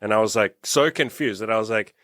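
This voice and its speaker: Animated, swearing coaching host. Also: male voice, on the low side, fast, no echo. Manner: animated storyteller, acts out quotes, swears casually. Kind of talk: casual podcast interview.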